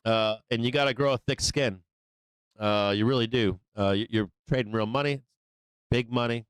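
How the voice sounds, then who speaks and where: Guy hosting a trading show, swears a lot, jokey and rambling, smooth clear voice, dry close sound. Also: moderate pace, dry recording. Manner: profane, joking, acts out little scenes in higher voices. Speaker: stock trading show host. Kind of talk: casual rambling advice to viewers.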